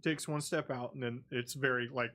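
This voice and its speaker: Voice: mid-range voice, steady tone, normal speed, fairly bright tone. Casual tabletop game master. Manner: casual, descriptive narration with fillers.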